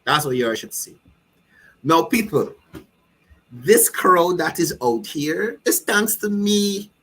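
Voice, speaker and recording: A man's voice: on the high side, lively intonation, takes it slowly, fairly bright tone, rough recording. A man with a Guyanese accent giving fiery, mocking political commentary. He keeps repeating himself and asking the listener if they understand.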